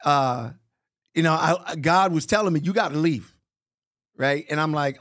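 A man's voice: on the high side, moderate pace. A middle-aged man telling his own story in a casual chat, acting out what people said. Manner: animated storyteller acting out quotes.

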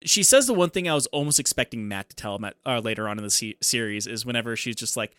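Fast-talking, agreeable man co-hosting. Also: medium pitch, expressive, a bit bright, dry recording, studio quality. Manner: quick, agreeable, frequent yeahs. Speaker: podcast co-host. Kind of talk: casual chat recapping a TV show.

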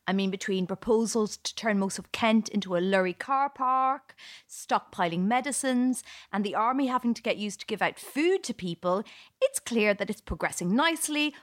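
Wry woman comedian hosting a podcast. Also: on the high side. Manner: wry, sardonic delivery with laughs. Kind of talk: scripted podcast monologue.

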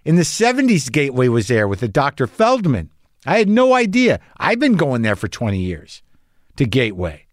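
A man's voice: medium pitch, wildly swooping pitch, moderate pace, dry recording, clean studio sound. A man telling a rambling, anxious story in a casual monologue, swearing and restarting often, as a podcast host.

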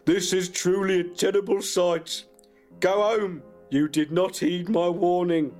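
A man voicing a stern homeless man who speaks in a booming, solemn and commanding way. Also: fairly even intonation, measured pace, a little mellow, soft background music.

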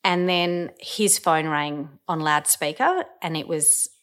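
Low-voiced woman recalling a painful memory. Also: takes it slowly, a bit bright. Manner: hesitant, with frequent ums and restarts. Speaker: personal storyteller. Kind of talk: emotional first-person recollection.

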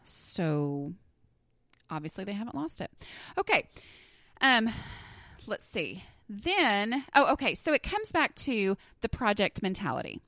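A woman's voice: medium pitch, very animated, a little slow, sharp tone, no echo, clean studio sound. A middle-aged woman with a Southern US accent, hosting a casual solo podcast in a chatty, self-deprecating, easily sidetracked way. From Southern United States. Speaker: podcast host.

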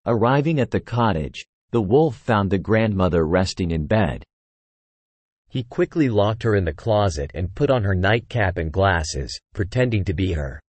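Brief: male fairy-tale narrator, low and husky, dry close sound. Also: animated, moderate pace, a little mellow, no room sound. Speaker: storyteller.

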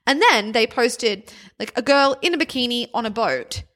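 Australian woman, podcast co-host, casual chat, bubbly, fairly high-pitched. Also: animated, moderate pace, fairly bright tone.

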